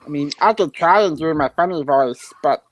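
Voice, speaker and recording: A man's voice: on the high side, normal speed, no echo, dull audio. A man with a Newfoundland accent on a casual podcast call, sarcastic and full of swearing. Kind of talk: casual group call chat.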